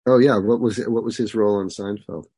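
A man's voice: on the low side, fairly even intonation, fast talker, mellow, slightly rough, no room sound. A male interviewer asking long, winding questions in a conversational interview.

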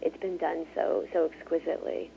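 A woman's voice: low-pitched, little pitch movement, normal speed, gravelly, a little hiss or hum. A woman author talking casually as an interview guest, chatty, with many fillers and frequent laughs. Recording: tinny phone line.

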